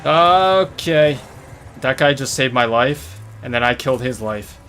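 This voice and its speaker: A man giving rambling, excitable commentary while he plays a game, often saying "dude", on a desk mic near a noisy computer. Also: medium pitch, measured pace. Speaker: gamer. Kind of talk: casual gameplay commentary. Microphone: desktop mic near a noisy computer. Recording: loud racing game sounds behind voice.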